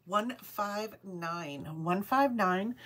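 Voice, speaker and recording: A middle-aged woman with a Rhode Island accent hosts a live online sale in an unhurried, deliberate way. She greets viewers one by one and reads out each item number twice, with a voice pitched in the middle for a woman. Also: a bit bright, slight background noise. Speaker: host of a live jewelry sale. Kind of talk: live-stream sales chat.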